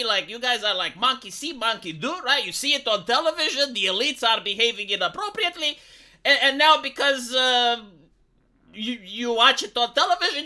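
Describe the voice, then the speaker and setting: A man riffing on a livestream with a very bright, sharp tone. He rambles and mocks with dry sarcasm, piling up asides and rhetorical questions. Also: very high-pitched. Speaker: livestream host. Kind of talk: livestream commentary.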